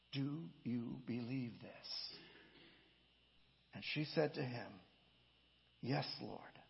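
A man's voice: medium pitch, gravelly, husky. A man preaching a sermon, reading scripture aloud with his own dramatic inflection. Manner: reads scripture with dramatic inflection, slow and emphatic. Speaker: pastor. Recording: dull echoey hall.

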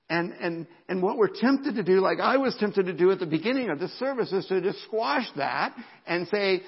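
Man, pastor mid-sermon; gravelly voice, dull lo-fi church recording. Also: sits high, normal speed. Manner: animated, repeats words, drops to a whisper for emphasis.

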